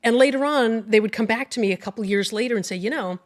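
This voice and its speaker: A woman's voice: fairly high pitch, fast. A middle-aged woman being interviewed in a TV studio, telling stories in a positive, upbeat way. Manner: upbeat, warm storyteller. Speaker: guest, river cleanup organizer.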